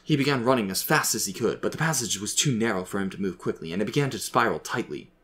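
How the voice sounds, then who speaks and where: Male storyteller, lowish voice, steady scripted narration. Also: quick pace.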